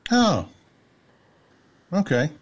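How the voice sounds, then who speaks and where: A man, telling stories as a guest in casual chat, animated and laughing. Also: high voice, drawn-out words. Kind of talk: casual storytelling.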